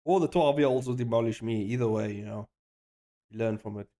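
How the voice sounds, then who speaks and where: Excitable, foul-mouthed man streaming his animation. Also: mid-range voice, a little fast. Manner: excitable, swears freely, hypes himself up; rambling with frequent restarts and slang. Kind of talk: casual live-stream chat while animating.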